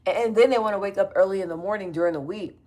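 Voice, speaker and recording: A woman in her thirties chatting loosely to her livestream viewers on her phone, slangy and full of quick asides. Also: medium pitch, warm tone. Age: 30s. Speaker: livestream host. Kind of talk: casual livestream chat reading comments.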